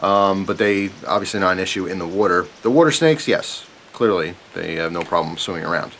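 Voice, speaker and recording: A young man telling a rambling, animated story to camera, often chuckling as he goes. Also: deep voice, a little fast. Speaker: vlogger. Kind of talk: casual storytelling. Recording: faint hiss.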